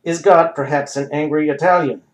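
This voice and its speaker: Agitated middle-aged rambler, ranting, voice pitched up, read by a male narrator. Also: steady tone, normal speed, lightly acted. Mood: rambling.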